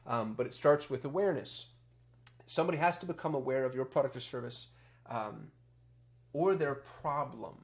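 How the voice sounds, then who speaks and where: A man's voice: mid-range voice, moderate pace. Chatty man explaining marketing, fired up. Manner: chatty, many ums, gets fired up. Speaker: marketing agency host. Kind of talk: casual explainer talk.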